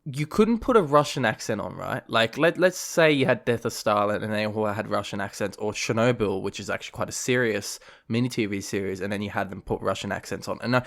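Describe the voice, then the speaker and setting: A man's voice: lowish voice, a little fast, vocal fry, few pauses. A man co-hosting a podcast, chatting casually about a film, rambling with fillers and restarts. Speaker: podcast co-host.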